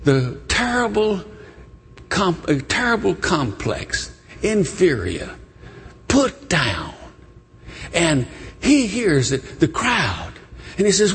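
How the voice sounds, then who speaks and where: A male preacher tells a story in a slow, husky voice that swings from high to low. His words ring out with a long reverb, as in a large church sanctuary. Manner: animated, emotional storytelling. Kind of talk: storytelling sermon.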